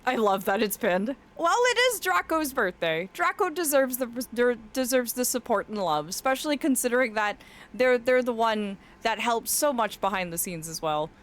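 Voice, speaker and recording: Streamer woman, fairly high and very animated voice, affectionate chat, occasional voice cracks. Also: normal speed. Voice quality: voice cracks now and then. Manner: affectionate, reads chat aloud, often laughs. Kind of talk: casual live-stream chat.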